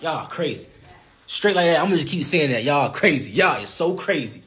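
A man's voice: fairly high pitch, expressive, fairly quick, fairly bright tone. A young man trash-talking rivals on a phone live stream, brash and taunting, often laughing and repeating himself. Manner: brash, taunting, repetitive, laughs mid-sentence. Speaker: boxer on a social media live stream.

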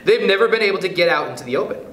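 A man reads a storybook in a high-pitched, rapid-fire voice that's a bit bright and pushed up, with lively intonation. He voices an earnest, fussy little male mouse who speaks solemnly and lectures, in an echoey room with faint background noise.

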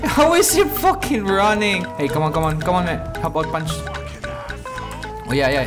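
Excitable young man narrating gameplay. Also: fairly high pitch, normal speed. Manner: excitable, loud outbursts and frequent laughs. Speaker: gaming YouTuber. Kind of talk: gameplay commentary. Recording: voice with loud game music behind.

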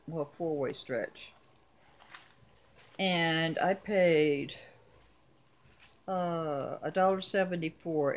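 Slow, chatty woman showing craft supplies. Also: sits low, background noise. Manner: unhurried, chatty, with frequent ums. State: has the hiccups. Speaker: craft haul vlogger. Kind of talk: casual show-and-tell.

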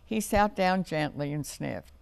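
A man reading a children's storybook aloud for a TV story time, in a slow, gentle read-aloud manner. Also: fairly high pitch, animated, creaky, smooth, no room sound.

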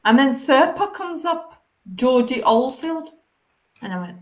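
Animated woman retelling her story. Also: high-pitched, a little slow. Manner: animated, acts out past conversations. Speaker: guest sharing her recovery story. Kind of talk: casual storytelling interview.

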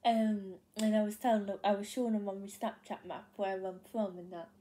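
A young Geordie vlogger from North East England chats to her camera, spinning a long story about her day that loops back on itself with plenty of ums, likes and restarts. Her voice is mellow, soft and never sharp, medium-pitched and steady, and she talks a little fast.

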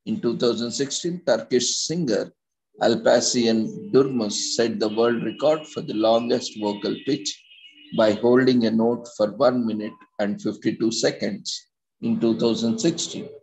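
A man presenting an informative talk. He reads in a measured way, with hesitant fillers and restarts. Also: medium pitch, steady tone, a little mellow, faint music behind, low-quality recording. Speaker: presenter of a daily topic segment.

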